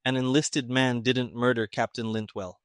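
A man reading a story, voicing an irritated male army colonel who talks gruffly and sarcastically, raised above his narration. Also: mid-range voice, flat delivery, moderate pace, no echo, studio quality, natural voice.

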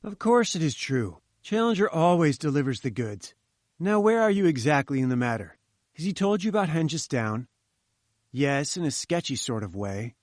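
Man doing an eager, high-spirited young reporter. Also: sing-song, dry recording, clean studio sound. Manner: brisk and enthusiastic. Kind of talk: audiobook character reading.

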